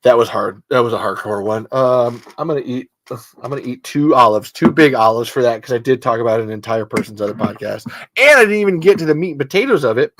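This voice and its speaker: A man's voice: medium pitch, lively intonation, quick pace, fairly bright tone. A man hosting a podcast solo in loose, rambling casual chat, swearing freely. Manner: rambling, swearing, self-interrupting. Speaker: podcast host.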